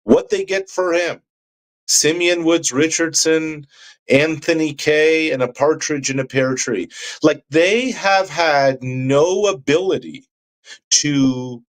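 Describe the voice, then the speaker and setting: A man co-hosting sports talk radio, ranting with passion and firing rhetorical questions. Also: a little high.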